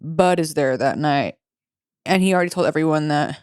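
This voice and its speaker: Young woman cohost, smooth clear voice, dry close mic, swears a lot and laughs through stories. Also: low voice, normal speed, darkish tone, dry recording. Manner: profane, laughs while reading stories aloud. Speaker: podcast co-host. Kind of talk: casual podcast chat.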